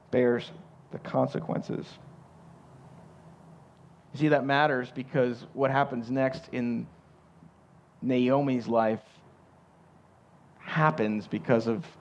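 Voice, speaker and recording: A man's voice: medium pitch, a little mellow, lo-fi sound, slight background noise. A man with a Southern US accent preaching a sermon in a conversational way, often repeating words as he restarts a thought. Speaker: pastor.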